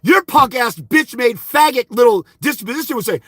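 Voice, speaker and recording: A man's voice: very high voice, animated, moderate pace, a bit bright, dry recording, studio quality. A man ranting on a livestream, heated and profane, scolding his critics. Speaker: fathers' rights advocate streaming live. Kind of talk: angry livestream rant.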